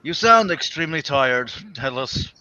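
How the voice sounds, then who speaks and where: Bright-voiced man hosting a livestream. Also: on the high side, lively intonation, normal speed, dry recording, dull audio. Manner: rambling, hesitant, repeats words, swears casually. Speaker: livestream host. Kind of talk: casual chat.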